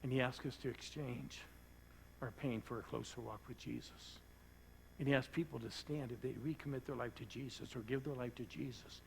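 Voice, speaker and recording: A man preaching a sermon as pastor, telling an earnest story that sinks to hushed tones at its emotional moments. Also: mid-range voice, fairly even intonation, moderate pace, creaky, a little hiss or hum, low-quality recording. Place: church.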